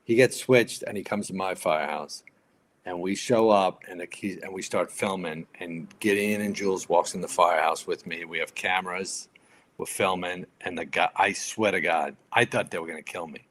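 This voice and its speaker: A man's voice: sits low, normal speed, a little hiss or hum. A man, a retired firefighter telling stories as a podcast guest and acting out the lines of the people in them. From United States. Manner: animated storyteller acting out other people's lines. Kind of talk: storytelling in casual conversation.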